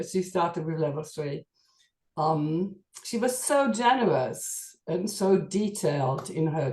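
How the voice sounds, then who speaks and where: A woman giving a halting, emotional tribute at a memorial meeting, her voice shaky with feeling. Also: lowish voice, a little mellow, roomy sound. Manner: halting, emotional, many fillers. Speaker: qigong student at a memorial meeting.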